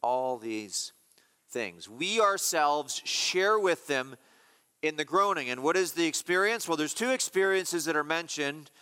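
Bright-voiced man preaching in a hall. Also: fairly high pitch, lively intonation, clear, resonant tone. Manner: emphatic, repeats key phrases slowly. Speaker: pastor. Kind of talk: expository sermon.

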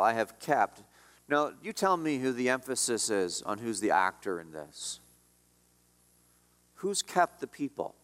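A man's voice: medium pitch, fairly bright tone, in a large hall. A man preaching a sermon as pastor, emphatic and repetitive, often dropping his voice on key lines.

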